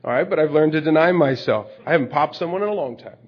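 A man delivers a sermon in a relaxed, conversational manner, walking through scripture with everyday examples. His voice sits a bit high for a man. The recording is dull and lo-fi. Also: fast talker, slightly rough. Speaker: preacher.

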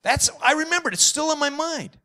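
Bright, lively-voiced man teaching parents. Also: extremely high pitch, brisk. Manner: enthusiastic, animated speaker. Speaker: parenting seminar speaker. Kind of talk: parenting seminar talk.

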